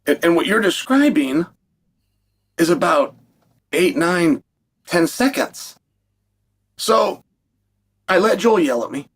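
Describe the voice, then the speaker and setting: A man's voice: sits high, lively intonation, slow, long pauses, breathy edge. A man in a played clip, recounting a phone argument and acting out the quotes as he tells it. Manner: storytelling, acts out quotes. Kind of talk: recounting a story to camera.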